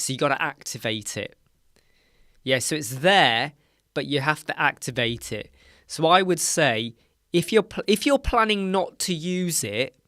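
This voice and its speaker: In a dark home studio lined with soundproof panels, a tired British man yawns as he hosts a live Q&A stream. His voice sits on the high side and is a bit bright, recorded at studio quality with no echo. He explains things casually, rambling and correcting himself.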